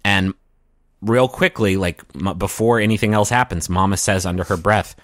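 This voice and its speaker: Low-voiced man narrating as game master. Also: fairly bright tone, no echo. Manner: storytelling with frequent ums, quick asides.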